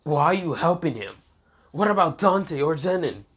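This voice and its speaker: An enraged male villain who has lost his power, as a man acts him out. He shouts and curses at his foe. He is voiced in a fan-made story. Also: mid-range voice, quick pace, breathy edge, close to an everyday voice. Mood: bewildered. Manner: shouting and cursing.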